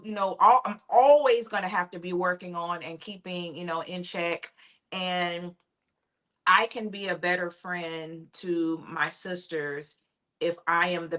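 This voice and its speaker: A woman's voice: on the low side, fairly bright tone. A woman guest in a live online talk, speaking in an encouraging, emphatic way and laughing often. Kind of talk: candid live-stream conversation.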